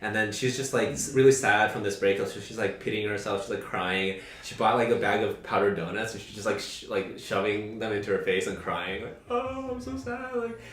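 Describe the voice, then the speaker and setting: Young man, low voice, rambling story with many "like" fillers, roomy echo. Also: steady tone, brisk, few pauses, a bit bright. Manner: rambling, heavy use of "like" fillers. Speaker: podcast host. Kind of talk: casual group conversation, personal storytelling.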